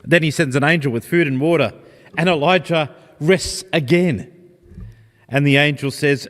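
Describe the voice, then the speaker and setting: A man preaching a sermon in a gentle, reflective, personal way. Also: on the high side, moderate pace. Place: church. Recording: long church reverb.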